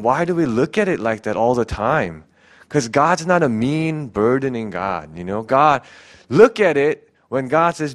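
Earnest low-voiced male youth pastor. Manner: earnest, pleading, many fillers and restarts. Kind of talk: casual sermon.

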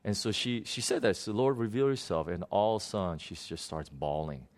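A man telling a personal ministry story unscripted, earnest and halting, often restarting and repeating words. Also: low voice, lively intonation. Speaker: minister recounting a prayer session.

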